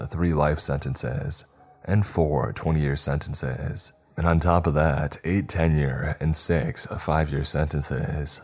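Extremely deep-voiced male horror narrator. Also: a little mellow. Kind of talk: scripted horror story narration.

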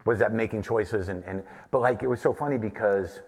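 A man's voice: fairly low pitch, fairly quick, a little mellow, husky. Rambling storyteller man in a reverberant hall. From New Mexico, US. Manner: rambling, profane anecdotal storytelling. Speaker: guest. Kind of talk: live podcast interview. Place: live stage taping before an audience.

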